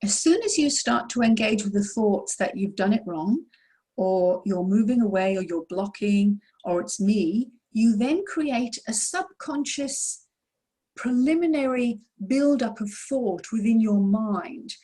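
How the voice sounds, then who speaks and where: A woman's voice: medium pitch, lively intonation, a little slow, mellow, husky. A woman answering questions as a mediumship teacher in an online session, explaining in an encouraging way.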